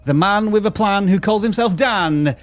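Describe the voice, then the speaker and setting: A man's voice: high-pitched, moderate pace. Jokey Yorkshire man hosting a stream. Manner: hammy, playing up Yorkshire slang. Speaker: live stream host. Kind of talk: playful live stream hosting.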